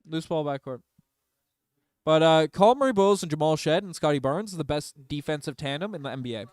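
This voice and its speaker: A young man runs fan play-by-play on a livestream, rattling off plays and bursting out loudly when things swing his team's way. His voice is smooth and a touch high. He sits close to a dry mic with no room sound. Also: animated, no room sound. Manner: partisan, swings between rapid calls and loud outbursts. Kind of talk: excited fan play-by-play commentary.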